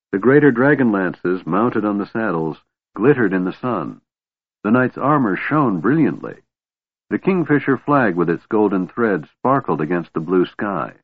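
A man narrating a fantasy audiobook in a steady, measured storytelling manner. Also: lowish voice, no room sound. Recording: tinny phone-like dry sound.

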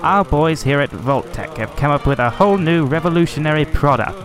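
A man playing an upbeat old-time radio pitchman, selling hard in a brisk, salesy voice. Loud music runs under the whole read, like a played-back school announcement clip. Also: animated, close to an everyday voice. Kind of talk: retro-themed school announcement ad.

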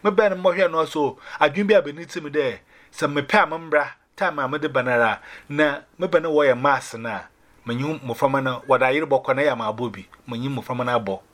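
A man sharing a personal faith testimony, telling it in an animated way and dropping in English phrases. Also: medium pitch, a little fast.

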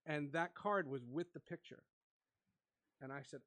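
A man casually telling an animated story with frequent laughs. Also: on the high side, a little slow, dry recording.

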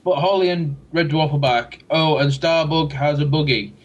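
A man's voice: a little high, normal speed, dull audio. A man hosting a casual podcast, reading listener feedback with dry jokes. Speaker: podcast host.

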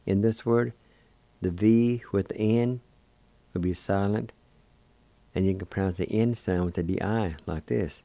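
A man with a Cherokee accent hosting a radio language lesson, slowly spelling words out letter by letter and pronouncing each syllable. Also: on the low side, fairly even intonation, warm tone, no echo. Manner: slow, deliberate, spelling letter by letter. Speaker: radio language program host. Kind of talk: slow spelled-out pronunciation lesson.

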